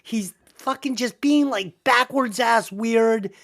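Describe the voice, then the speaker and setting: A woman's voice: on the high side, slow pace, fairly bright tone. Profane, ranting woman podcast host. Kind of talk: casual comedic movie review chat.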